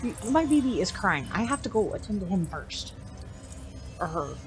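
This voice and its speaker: A woman's voice: mid-range voice, big pitch swings, moderate pace, over music. A woman in her thirties giving let's play commentary, cooing, joking and getting exasperated. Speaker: gaming streamer.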